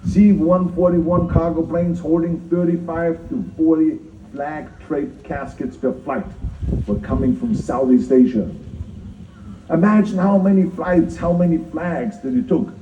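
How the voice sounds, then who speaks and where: A man's voice: fairly high pitch, a little slow, background noise. Older man with a German-speaking accent giving a speech. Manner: emphatic, repeats key phrases, self-mocking humor. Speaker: keynote speaker at a citizenship ceremony. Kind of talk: public speech. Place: outdoor ceremony. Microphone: speaker's mic filmed from the audience. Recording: distant, echoey, dull audience phone recording.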